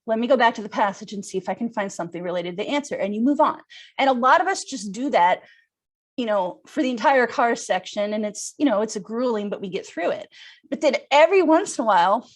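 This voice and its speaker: A woman's voice: fairly high pitch, expressive, fast. Chatty, laughing woman yoga teacher. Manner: chatty, upbeat, laughs often, acts out anxious inner voice. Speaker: yoga instructor. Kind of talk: live online workshop talk. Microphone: video call.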